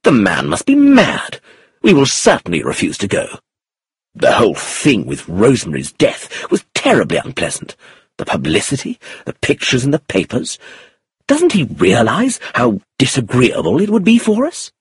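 A man's voice: medium pitch, wildly swooping pitch, normal speed, breathy edge, no echo, heavily acted. A man voicing a reserved husband torn by guilt in an audiobook, speaking with pleading emotion. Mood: disapproving. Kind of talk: audiobook character reading.

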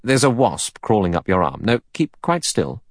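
Assured, easygoing captain, low and dry, from a male narrator. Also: sing-song, moderate pace, dry recording. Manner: smooth, self-assured.

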